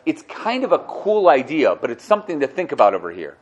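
Lively high-pitched man teaching Torah. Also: a little fast, highs cut off. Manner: animated, acts out the quotes he cites; asks his listeners questions. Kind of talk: Torah lesson.

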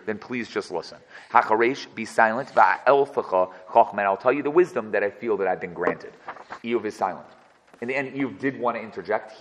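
A man's voice: lowish voice, fairly bright tone, long reverb tail, rough recording. A man teaching a text study class as its teacher. He reads verses and then translates and explains each one. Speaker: Torah teacher.

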